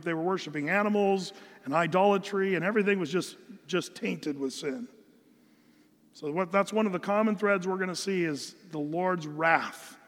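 A man's voice: high voice, big-room sound. A man from the United States preaching an earnest, emphatic Bible-teaching sermon, often restarting his phrases. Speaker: pastor.

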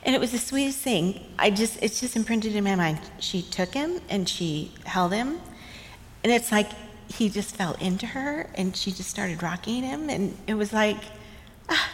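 A middle-aged woman telling motherhood memories in a tender, reflective way, often laughing softly. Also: mid-range voice, a little hiss or hum. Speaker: guest sharing motherhood memories. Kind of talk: casual storytelling chat. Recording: long room reverb, faint ambience.

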